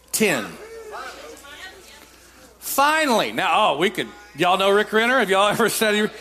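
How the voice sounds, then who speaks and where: A male preacher, delivering an emphatic sermon full of shouted declarations and call-and-response. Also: high-pitched. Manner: repetitive call-and-response exhortation.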